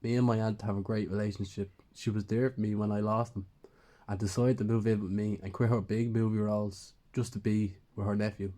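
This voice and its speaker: A man's voice: fairly low pitch, little pitch movement, brisk, warm tone. A man narrating a first-person horror story in a plain, conversational way.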